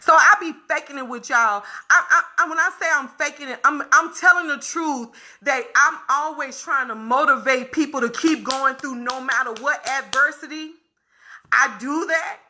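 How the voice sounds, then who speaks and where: A woman talks straight to her viewers in a candid, casual monologue. Her voice sits high and sounds bright and forceful. She leans into her words and repeats phrases to drive them home. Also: normal speed. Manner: emphatic, repeats phrases for weight, animated. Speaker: vlogger speaking to her viewers.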